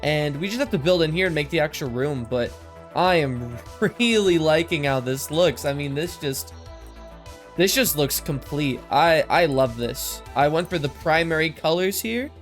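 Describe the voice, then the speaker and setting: A man offers casual, rambling game commentary, easily amused. His voice is on the high side and expressive at a moderate pace, and the processing filters on his desk mic make his esses sound slightly lisped. Soft music plays behind him.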